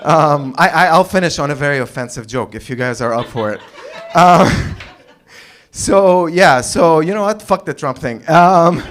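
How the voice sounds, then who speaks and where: A man doing a stand-up set on a comedy club stage, rambling and halting, restarting lines and chuckling at his own jokes. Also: fairly high pitch, fairly bright tone, slight background noise. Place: comedy club stage before a live audience.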